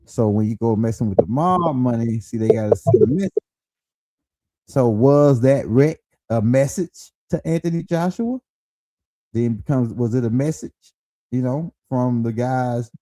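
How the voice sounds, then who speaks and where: A man's voice: medium pitch, measured pace, mellow, no room sound, rough recording. A man hosting a casual live stream, talking in a loose, rambling way as he lays out his theories.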